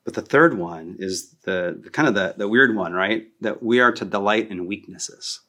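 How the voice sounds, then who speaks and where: A man preaching a sermon as a pastor, animated and repeating key phrases for emphasis. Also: on the low side, moderate pace.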